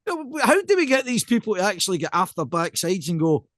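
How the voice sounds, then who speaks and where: Scottish man, podcast co-host, higher voice, swooping animated pitch, rambling and self-deprecating, dry close sound. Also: fast talker, no room sound. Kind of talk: casual podcast chat.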